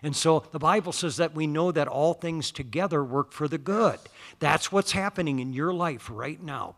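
A man preaching a folksy, emphatic sermon in a church. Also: fairly high pitch. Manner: folksy, emphatic, rising to loud declarations.

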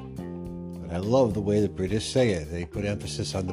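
Low-voiced rambling American man. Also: moderate pace, music in the background. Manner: rambling, many fillers and restarts. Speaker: podcast host. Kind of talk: casual rambling chat.

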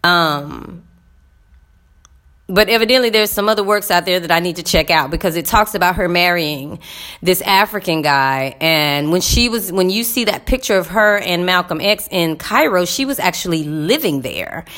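A woman's voice: fairly low pitch, lively intonation, moderate pace, a bit bright. A woman vlogger casually recounting a visit, rambling and talking straight to her viewers with frequent fillers.

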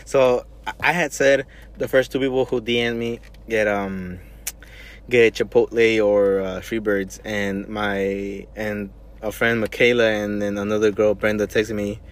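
A man's voice: fairly low pitch, unhurried. A young man co-hosting a casual podcast in a car, teasing his friends, laughing and stammering as he talks. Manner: teasing, laughs a lot, stammers when excited. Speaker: podcast co-host.

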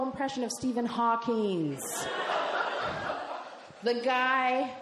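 A woman doing stand-up comedy on stage, telling a brash, profane story and acting out the dialogue in quick voices. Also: on the low side, echoey room, very noisy.

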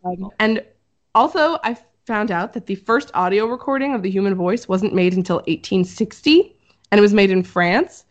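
A woman's voice: mid-range voice, lively intonation, moderate pace, lo-fi sound. Woman casually explaining, with many ums. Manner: explains at length with frequent ums and laughs. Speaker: podcast host presenting research. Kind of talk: casual chat.

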